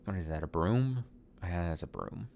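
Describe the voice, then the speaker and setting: A man with a low voice gives casual commentary while playing a puzzle game. He thinks out loud, swears freely and pokes fun at himself. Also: expressive, moderate pace, creaky, faint music behind. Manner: thinks aloud, swears casually, self-mocking. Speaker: let's play streamer.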